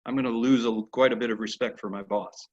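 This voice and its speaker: A man teaching a horse training lesson over a video call, telling animated stories and acting out the horses' replies. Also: mid-range voice, fast. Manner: animated storyteller who acts out horses' replies. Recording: dull lo-fi video call audio.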